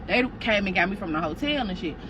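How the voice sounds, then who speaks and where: A woman's voice: medium pitch, animated, fast talker, muffled recording, noisy background, pitched below the performer's own voice, lightly acted. A woman voicing a protective grown man who talks casually and tenderly to his partner. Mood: caring.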